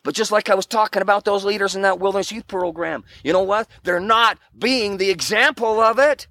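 Emphatic, bright-voiced motivational man. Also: sits high, fairly quick, dry recording. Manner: earnest, emphatic, preachy with repeated exclamations. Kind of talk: motivational talk.

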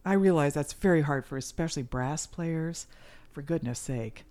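Woman, middle-aged, lowish voice, earnest, animated, casual interview guest. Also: normal speed. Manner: earnest and animated, with sudden loud mimicry. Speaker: guest musician.

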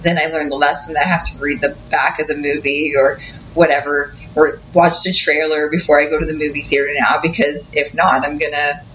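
Brief: woman, bright voice, emotional candid storytelling, slightly dull recording with faint hiss. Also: low-pitched, brisk. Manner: emotional, animated retelling with acted quotes.

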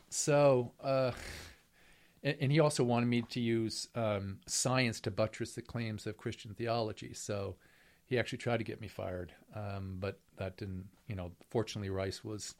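A man's voice: fairly low pitch, steady tone, normal speed. Middle-aged man telling wry rambling anecdotes. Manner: wry, rambling anecdotes with many fillers and restarts. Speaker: professor being interviewed. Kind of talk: storytelling conversation.

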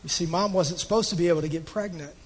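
High-voiced preacher in a reverberant hall. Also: male voice, fast talker, slightly rough. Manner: conversational, repeats words while telling a story. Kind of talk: sermon storytelling. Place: church auditorium.

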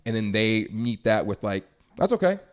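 Podcast host guy, low voice, jumps all over in pitch, jokey and loose. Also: normal speed, smooth. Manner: animated, jokey, slips into goofy voices. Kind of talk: casual podcast chat.

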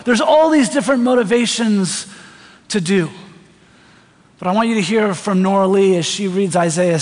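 A man preaching a sermon in a church, talking conversationally and often putting questions to the congregation. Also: high-pitched. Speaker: pastor. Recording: reverberant hall.

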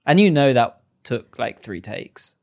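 A man's voice: mid-range voice, expressive, unhurried, creaky. A young British man co-hosting a casual podcast, with a dry, understated, laid-back way of talking. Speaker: podcast co-host and editor.

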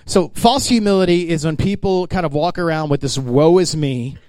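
A man's voice: high voice, a little fast, a little mellow, clean tone, no echo. A male pastor preaching a sermon in an emphatic, conversational way, speaking straight to his congregation.

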